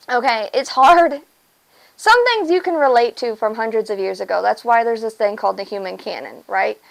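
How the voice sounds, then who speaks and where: A woman's voice: a little high, rough recording. A woman host talking casually about poetry in a chatty, teacherly way, often checking in with the listener. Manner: chatty, teacherly, asks "all right?".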